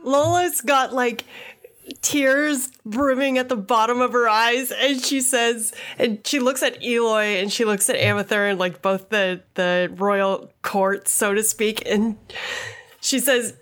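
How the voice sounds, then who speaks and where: Unhurried woman player, slightly high voice, casual narration. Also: steady tone, a bit bright.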